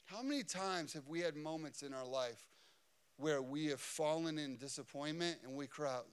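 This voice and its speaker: A man preaching a sermon as pastor, impassioned and building to loud, high emphasis on key phrases. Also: moderate pace, smooth. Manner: impassioned, rising in pitch and volume for emphasis.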